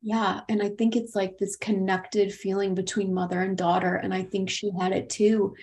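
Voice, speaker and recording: A woman's voice: medium pitch, flat delivery, normal speed, a little mellow. A woman in her thirties from South Carolina, a podcast guest telling an earnest, tearful personal story. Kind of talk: personal conversation.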